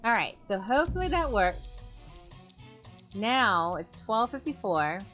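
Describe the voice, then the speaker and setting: A woman's voice: mid-range voice, a little slow, soft background music. Chatty young woman streaming a game. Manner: chatty, thinking aloud, sudden excited outbursts. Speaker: gaming streamer. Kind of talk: let's play commentary.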